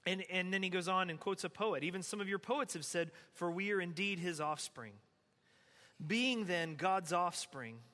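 A male pastor giving a conversational, animated sermon, reading and explaining scripture. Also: high voice, long reverb tail.

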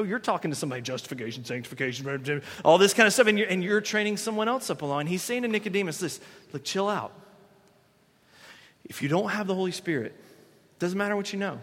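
A man's voice: on the high side, fairly bright tone. A man preaching a conversational sermon, acting out the people he quotes. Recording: long hall reverb.

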